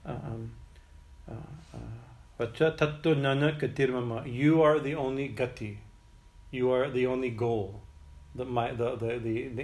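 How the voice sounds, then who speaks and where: A man teaching informally about worship prayers, rambling through restarts and asides, often chuckling and asking "right?". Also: mid-range voice. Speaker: spiritual teacher. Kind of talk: informal talk explaining prayers.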